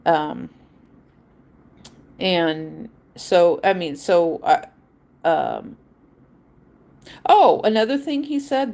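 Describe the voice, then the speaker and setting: A woman's voice: low voice, a little mellow. A woman hosting a livestream, telling a personal story in a rambling, emphatic way and repeating her points. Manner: acts out quoted voices. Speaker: livestream host. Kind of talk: casual personal monologue.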